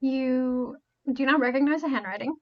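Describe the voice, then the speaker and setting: A woman game master narrates in a chatty, rambling way and often corrects herself. Her voice is high. The stream audio is dull and lo-fi. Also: moderate pace.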